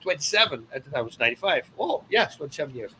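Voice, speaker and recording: A man with a Dutch accent tells a story in a bright, forceful voice that sits a little high for a man. He talks in an animated way and breaks into loud exclamations now and then. A light hiss of noise stays behind him. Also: rapid-fire, poor audio. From Netherlands. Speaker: podcast guest. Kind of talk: casual storytelling.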